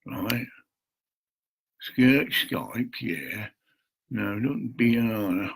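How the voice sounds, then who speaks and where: An older man with a gravelly, husky voice talks slowly to camera from his home. He rambles, mutters half to himself and swears now and then. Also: lowish voice, a bit bright, poor audio. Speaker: vlogger.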